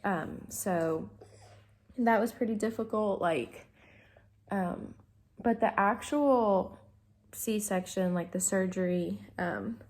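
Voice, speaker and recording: A woman's voice: medium pitch, slow, a little mellow. A young adult woman telling a personal story in a casual vlog, rambling with many fillers and restarts. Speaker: vlogger.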